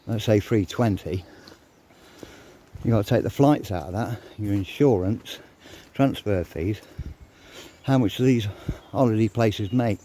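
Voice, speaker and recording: An older man rants bluntly to his viewers, swearing as he goes and audibly short of breath. His voice is dark and mellow, with a faint outdoor hum of birds and country air behind him. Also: fairly low pitch, unhurried. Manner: blunt, swears freely, grumbling. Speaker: vlogger. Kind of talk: casual ranting monologue.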